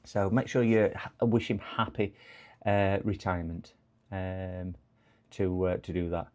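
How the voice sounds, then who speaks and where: A man's voice: sits low, flat delivery, unhurried. A man chatting casually on a live stream while repairing electronics. He rambles, chuckles often and talks to his chat.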